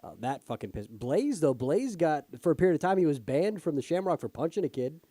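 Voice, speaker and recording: A blunt man swaps crude stories on a casual podcast, cursing constantly. His pitch swings up and down a lot, and the recording is dry and close. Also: sing-song, brisk, warm tone, dry recording. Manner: blunt and heavily profane. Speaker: podcast co-host. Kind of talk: casual chat.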